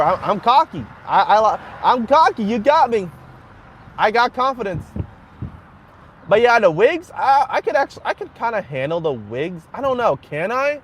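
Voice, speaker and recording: A man's voice: high voice, slight background noise. A man live-streaming from his car as he drives, chatting casually in a rambling way and laughing often. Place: in a car while driving.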